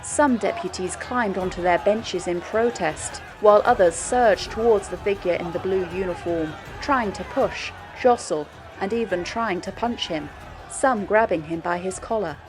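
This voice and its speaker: A woman's voice: medium pitch, music in the background, crowd noise. Woman narrating a history documentary. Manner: measured, steady storytelling delivery. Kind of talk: scripted narration.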